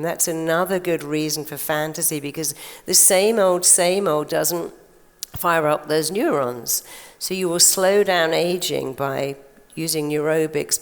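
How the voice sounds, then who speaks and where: An older woman with a low, smooth voice chats with a live audience from the stage, telling stories and acting out quotes. The large conference hall gives the recording a long reverb.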